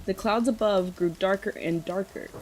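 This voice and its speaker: A woman's voice: mid-range voice, normal speed, music in the background, rough recording. A woman co-hosting a podcast, reading a spooky campfire story aloud in a casual way and often breaking into giggles.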